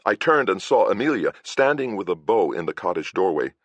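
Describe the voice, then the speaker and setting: A man's voice: low-pitched, big pitch swings, fairly quick, dry recording, muffled recording. A man reading a first-person fantasy audiobook, with a wry storytelling manner. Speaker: audiobook narrator.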